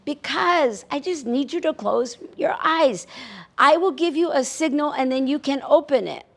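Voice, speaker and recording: An eager male coyote trickster from a spoken folk tale, put on by a woman storyteller. He talks high and loud, coaxing and insisting with a grainy, gravelly edge. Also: very animated, moderate pace, heavily acted. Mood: insistent. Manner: pleading, keyed-up, insistent.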